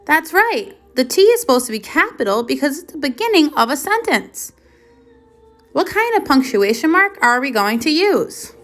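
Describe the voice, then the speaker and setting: Woman, first grade teacher on video, high bright voice, patient question-and-answer delivery. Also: sing-song, normal speed, soft background music. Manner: patient, asks questions then confirms answers.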